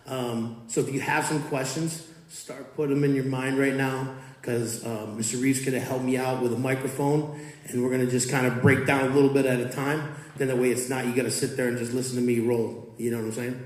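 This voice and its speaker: A man's voice: medium pitch, a little fast. A man in his fifties, a coach and student teacher, reciting poetry and chatting casually with students in a school hall. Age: 50s. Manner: relaxed, conversational, rhythmic when reciting. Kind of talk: poetry reading and talk to students. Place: school auditorium or large classroom. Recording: echoey room.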